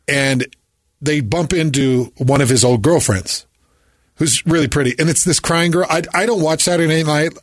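A man co-hosting a casual sports talk show. He retells clips in an animated way and slips into quick impressions. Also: mid-range voice, dry recording, clean studio sound. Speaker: co-host.

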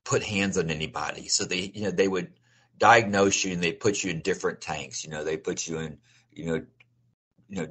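A man's voice: deep voice, steady tone, normal speed, fairly bright tone, breathy edge. A middle-aged man telling his life story as an interview guest, speaking earnestly and often restarting and repeating his phrases. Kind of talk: personal testimony in a conversational interview.

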